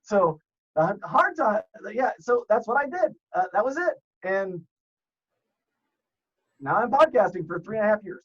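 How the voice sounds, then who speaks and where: A man with a smooth, deep, announcer-style voice, chatting as a podcast guest and swearing freely through his stories. His pitch swings widely as he acts out exchanges. The recording sounds dull and lo-fi. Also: sing-song, normal speed, long pauses, fairly bright tone. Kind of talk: casual podcast chat.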